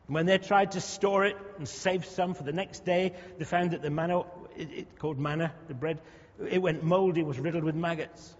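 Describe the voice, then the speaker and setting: A man's voice: a little high, moderate pace, hardly any pauses, darkish tone. A man preaching a sermon, talking conversationally with humorous asides to the congregation. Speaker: pastor. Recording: dull lo-fi sound in a reverberant hall.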